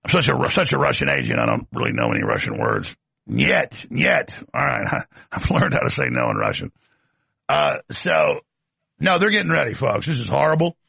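Male talk show host, gravelly, husky, ranting monologue, sardonic. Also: fairly low pitch, huge pitch swings, moderate pace, pushed and bright, no echo. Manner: emphatic, ranting, sardonic asides.

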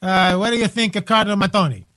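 Man doing a goofy italian cardinal, put-on accent, high voice, stumbling words. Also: fast talker, bright, forceful tone, no echo. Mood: dithering.

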